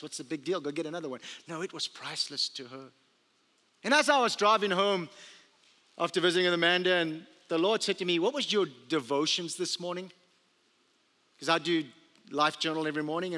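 A man pastor preaching a sermon, telling stories and acting out the quotes with animation. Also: sits high. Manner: storytelling, animated with acted-out quotes. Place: church sanctuary. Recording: long reverb of a large hall.

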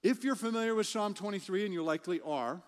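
A man's voice: high voice, quick pace, clean tone. A man preaching a sermon as a pastor, conversational, repeating words as he builds a point. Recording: long hall reverb.

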